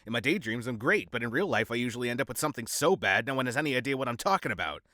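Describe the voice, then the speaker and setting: A man's voice: mid-range voice, animated, rapid-fire, bright, forceful tone, no echo, clean studio sound. A man narrating a novel in first person, with a sardonic, rambling, wry delivery. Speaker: audiobook narrator.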